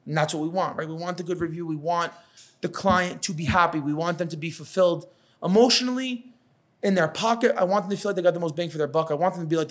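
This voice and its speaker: Fairly high-pitched and fast-talking, this man is a New Yorker in his thirties running a catering company. Chatting casually on a podcast, he spins profane, lively stories and performs the quotes.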